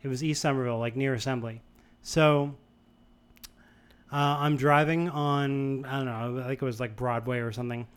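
A young man from the Boston area telling a long anecdote in casual chat, rambling and animated, with many restarts. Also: medium pitch, moderate pace, clean tone. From Boston area, USA.

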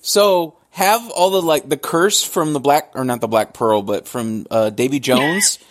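A man with a medium-pitched, unhurried voice co-hosts a casual podcast reviewing comics, joking, swearing and laughing often.

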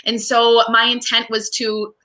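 Casting: woman, 30s, animated interview guest, bright and higher voice, chatty. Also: unhurried. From United States. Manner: animated, chatty, frequent fillers and restarts. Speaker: guest, real estate agent and mom. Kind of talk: casual interview chat.

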